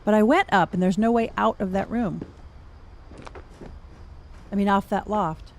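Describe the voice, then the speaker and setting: A woman's voice: medium pitch, a little slow, darkish tone. A middle-aged woman giving casual gameplay commentary, chatty and thinking aloud with wry asides. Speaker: gaming streamer.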